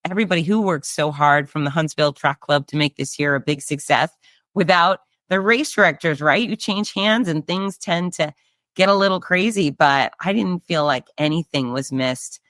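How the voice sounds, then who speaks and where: A middle-aged woman hosting a casual solo chat, upbeat and breezy, her voice nasal and hoarse. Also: sits low, normal speed, fairly bright tone, no room sound, studio quality. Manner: chatty and upbeat, breezy asides. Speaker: race announcer and show host.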